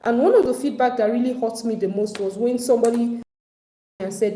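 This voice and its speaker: A woman's voice: fairly high pitch, fairly quick, dark tone, a little hiss or hum. A woman teaching a live online personal finance class, speaking conversationally and acting out other people's complaints. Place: home at evening, video call. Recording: echoey room.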